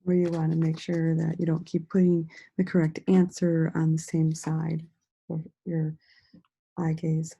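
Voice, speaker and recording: A woman teacher giving a slow, sing-song lesson to young children, stretching out words and praising them often. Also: deep voice, monotone, gravelly, warm tone, husky, low-quality recording. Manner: encouraging, drawn-out words with frequent praise.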